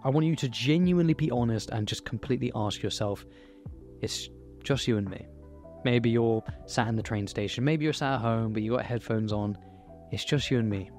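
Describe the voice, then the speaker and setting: A man's voice: mid-range voice, brisk, darkish tone, faint music behind. A young man, speaking candidly and earnestly in a personal motivational monologue, swearing now and then. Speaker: YouTuber.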